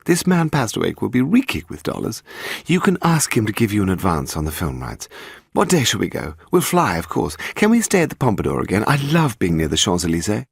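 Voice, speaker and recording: A man's voice: fairly low pitch, wildly swooping pitch, brisk, creaky, slightly rough, no room sound, studio quality, pitched above the performer's own voice, heavily acted. A man putting on an impish, teasing young wife. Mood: eager. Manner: coaxing and impish. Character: playful, teasing young woman, a sleuth's wife.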